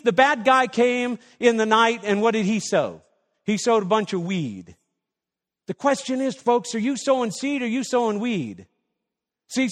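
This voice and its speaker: A man's voice: very high voice, big-room sound. A man preaching a sermon as a pastor, emphatic and firing rhetorical questions at the congregation.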